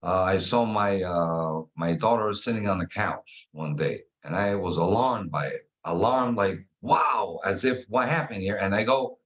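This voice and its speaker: Man, animated storyteller, casual guest chat, muffled sound. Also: low voice, measured pace, few pauses. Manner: animated storyteller, acts out quotes. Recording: dull lo-fi sound.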